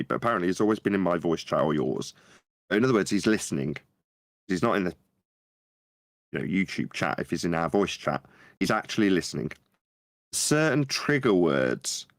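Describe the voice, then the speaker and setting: A man in animated podcast chat, who tells stories and acts out quotes in a high voice. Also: no echo, clean studio sound. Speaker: podcast panelist. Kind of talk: casual chat.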